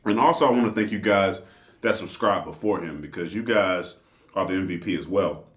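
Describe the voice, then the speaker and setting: A man with a low voice talks casually to his viewers, upbeat and chatty as he eats. His voice bounces around a roomy indoor space. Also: a little fast. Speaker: channel host. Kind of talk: casual vlog talk to viewers. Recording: roomy echo.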